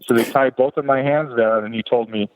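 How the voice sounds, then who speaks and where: A man's voice: medium pitch, fairly even intonation, fairly quick. A middle-aged man, a podcast guest, telling a personal story in a candid, rambling way with frequent restarts. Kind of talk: personal story told in an interview. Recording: tinny phone line with long reverb.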